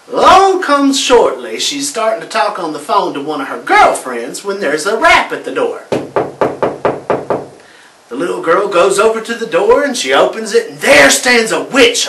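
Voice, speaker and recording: A man telling a joke story in a theatrical, animated way, breaking into laughs. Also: high-pitched. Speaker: joke teller on laughter therapy recording. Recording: roomy sound from a distant mic.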